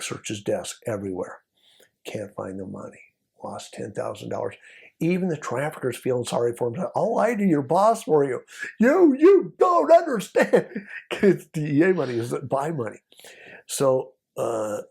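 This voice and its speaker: Brief: older male guest, gravelly and husky voice, casual storytelling. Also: medium pitch, warm tone. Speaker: retired DEA agent, guest.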